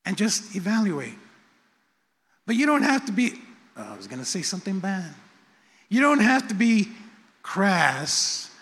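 A middle-aged male pastor preaching in a church sanctuary, his fairly high voice unhurried and chatty. He circles back on his phrases and drops frank asides about himself. Long hall reverb hangs on every phrase. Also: big pitch swings, a bit bright. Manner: conversational, repetitive, self-deprecating asides. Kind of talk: sermon.

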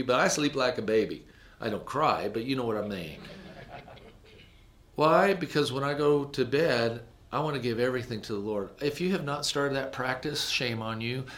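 A man preaching a sermon, moving between loud emphatic passages and hushed, low ones. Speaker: pastor.

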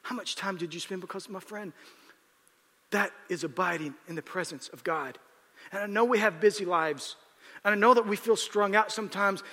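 A male pastor preaching a sermon, swinging from loud, emphatic outbursts to quiet, confiding asides. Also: high voice, normal speed, long reverb tail.

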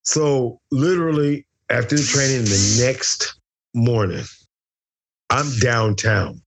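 A former fighter in middle age, an American interview guest, slowly tells an outrageous story in a mid-range voice. He's rowdy and profane and plays out the dialogue himself.

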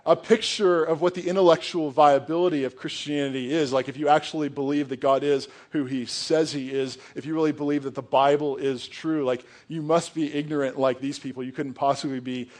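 A man's voice: on the high side, steady tone, brisk, few pauses, darkish tone. Earnest young male pastor preaching casually. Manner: conversational, earnest, casual asides with "like". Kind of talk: sermon.

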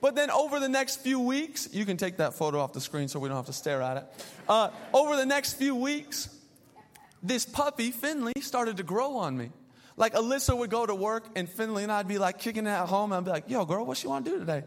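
Young guy pastor preaching, high voice, jokey storytelling, echo hangs in a big hall. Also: fairly quick. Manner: animated storytelling with playful asides. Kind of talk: sermon. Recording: long hall reverb.

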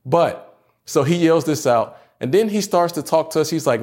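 A man's voice: fairly high pitch, expressive, moderate pace, darkish tone. A young adult man, a pastor, giving a chatty, humorous sermon to students by video. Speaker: youth pastor.

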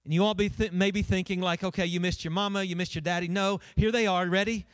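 A man's voice: high voice, steady tone, fast, smooth, dry recording. A male pastor, preaching a sermon in a playful storytelling way and calling out to his congregation. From Kentucky.

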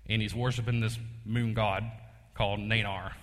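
A man's voice: fairly low pitch, level tone, moderate pace. A man, preaching a casual sermon and telling a personal story in a folksy way, laughing often. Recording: long hall reverb.

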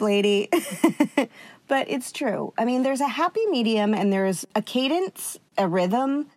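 A woman's voice: mid-range voice, darkish tone, no echo. A woman hosting a solo podcast as a confidence coach, chatty and upbeat, laughing often and sometimes a little short of breath. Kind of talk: solo podcast advice talk.

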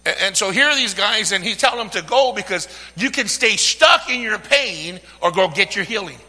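A man preaching a sermon, using call-and-response, swinging from hushed talk to shouting. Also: high voice, lively intonation, moderate pace, long reverb tail. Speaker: pastor.

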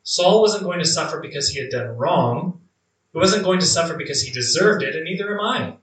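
Brief: male actor as a devout, beaten prisoner of faith, earnest and reflective, a bright voice with plenty of room echo and a distant mic. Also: a little high, lively intonation. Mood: resolute. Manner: earnest, reflective, with drawn-out emphatic phrases. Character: male early believer, imprisoned, beaten, blinded, devout. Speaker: actor in a first-person monologue. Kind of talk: dramatic monologue.

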